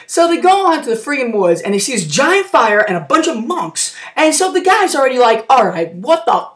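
A woman's voice: high voice, very animated, brisk. A woman gives a rambling, slangy comic recap of a horror movie, full of mock outrage. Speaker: amateur movie reviewer.

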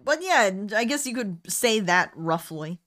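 A woman's voice: medium pitch, very animated, measured pace, fairly bright tone, no room sound, clean studio sound. A woman streaming while she draws, chatting casually and playfully with a friend and thanking new followers. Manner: playful, breaks into sung snatches.

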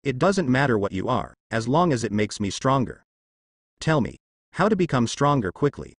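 A man's voice: mid-range voice, big pitch swings, normal speed, dry recording, studio quality. A man voicing a young vengeful ninja, a boy turned into a girl, who mutters in a cold, determined way. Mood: grim.

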